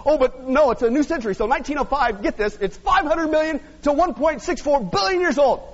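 A man's voice: very high voice, expressive, fairly quick. A man pastor preaching a sermon in a joking, sarcastic way to his congregation. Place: church hall. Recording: dull lo-fi audio with long hall reverb.

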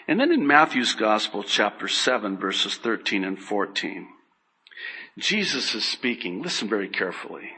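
A man preaching a sermon, quoting scripture with heavy stress on single words and swinging from high emphatic peaks to low, quiet endings. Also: lively intonation, moderate pace, slightly rough. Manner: emphatic, rising sharply on key phrases then dropping low.

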